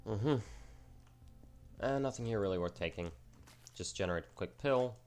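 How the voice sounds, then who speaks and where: A man's voice: lowish voice, expressive, normal speed, darkish tone. A man giving casual, rambling commentary over his own gameplay, self-mocking and slangy as he plays. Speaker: gaming channel host.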